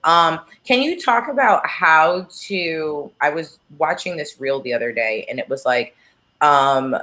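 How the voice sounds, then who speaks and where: A woman co-hosting a podcast, talking casually and drawing out her stories in a relaxed way. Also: a bass voice. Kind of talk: casual chat.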